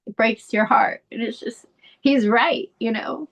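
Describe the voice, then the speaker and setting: Heard on a low-quality recording, a middle-aged woman speaks at a measured pace as an interview guest. A bereaved mother and advocate, she tells a painful family story in an earnest, candid, emotional way, her pitch rising as emotion builds.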